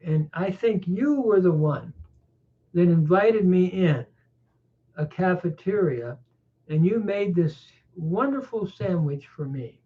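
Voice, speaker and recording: Man quoting a kind wealthy businesswoman, earnest, slow, tinny phone-like sound. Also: high-pitched, animated. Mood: grateful. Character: wealthy woman company president, kind and grateful.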